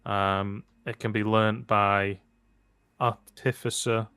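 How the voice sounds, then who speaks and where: A man narrating a tabletop game as game master, relaxed and joking, with many fillers. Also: on the low side, moderate pace, no room sound.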